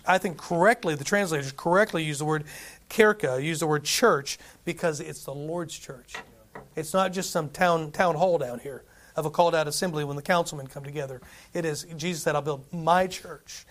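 A man preaching a sermon as a Baptist pastor, in a conversational way that keeps checking in with "right?". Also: fairly high pitch.

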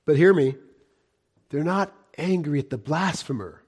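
Middle-aged preacher guy, pretty high voice, fiery sermon, goes from shouting to hushed. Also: unhurried, husky. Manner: impassioned, swings from loud cries to hushed, low-voiced warnings. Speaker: pastor.

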